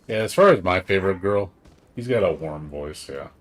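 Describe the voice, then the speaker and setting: Man, very low voice, casual stream chat, excitable, swears, sleepless, faint music. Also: normal speed. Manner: rambling, excitable, swears often. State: tired, up all night. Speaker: game streamer.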